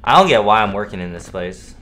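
A young man streaming a horror game, swearing, repeating himself and yelling at scares. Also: lowish voice, lively intonation, quick pace, slight background noise. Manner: profane, jumpy, repeats himself, yells at jumpscares. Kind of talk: live gameplay commentary.

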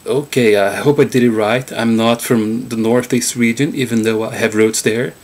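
A Brazilian man from Rio with a Carioca Portuguese accent, a native Portuguese speaker who talks through a casual video lesson in English, halting often with fillers and restarts. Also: medium pitch, steady tone, darkish tone. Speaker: language teacher.

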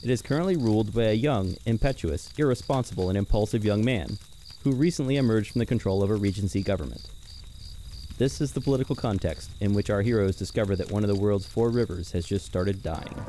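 Mellow-voiced game master narrating a recap. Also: male voice, fairly low pitch, a little fast, a little hiss or hum. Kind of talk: scripted narration.

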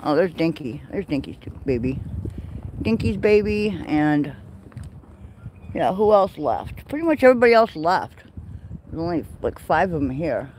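A woman's voice: deep voice, very animated, normal speed, long pauses, a little mellow, slight background noise, low-quality recording. A woman livestreaming from an outdoor farm pen, cooing baby talk to her goats and chicks in a casual way. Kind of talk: casual chat to farm animals.

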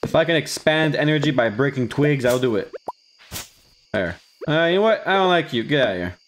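A man's voice: medium pitch, animated, fairly quick, a little hiss or hum. A man giving casual, playful commentary on his own gameplay, talking to himself and jumping into silly voices. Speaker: let's play gamer.

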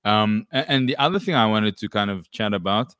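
A man hosting an interview, relaxed and encouraging, guiding the talk with short replies. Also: lowish voice, fairly quick, clean tone, no room sound, clean studio sound. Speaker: host. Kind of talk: interview host.

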